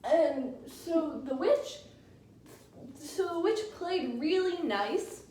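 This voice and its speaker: A woman co-hosting a podcast improvises a silly story, giggly and rambling. Her voice is high, and she sits back from the mic in an echoey room with faint noise. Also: expressive, extremely slow, warm tone, far from the mic. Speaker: podcast co-host.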